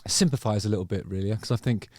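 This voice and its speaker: A man's voice: lowish voice, quick pace, a little mellow, no echo, studio quality. A man hosting his own channel, giving playful, joking commentary on music performers. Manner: jokey, playful, drifts into mock voices. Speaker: YouTube channel host.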